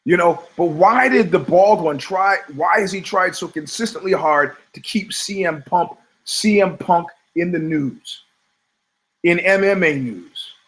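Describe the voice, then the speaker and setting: Man, forties, show host, casual rambling talk, swears a lot, stumbles and repeats himself, slightly high voice. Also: measured pace, fairly bright tone. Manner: profane, rambling, repeats words and restarts a lot. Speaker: podcast host.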